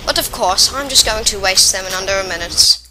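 A woman giving chatty, excitable, rambling commentary while playing a video game. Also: medium pitch, brisk, noisy background. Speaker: let's play gamer. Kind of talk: casual gameplay commentary.

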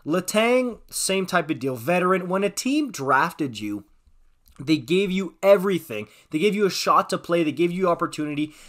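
Animated man in hockey commentary. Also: sits high, moderate pace. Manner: animated, chatty, talks straight to viewers. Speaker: hockey news vlogger. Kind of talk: casual commentary to camera.

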